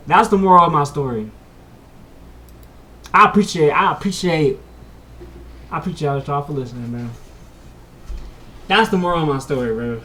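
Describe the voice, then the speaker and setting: A vlogger telling a story in slangy casual chat, saying "bro" a lot, moving between mumbled asides and loud excited bursts. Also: medium pitch, far from the mic. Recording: echoey room, voice from off the mic, faint hiss.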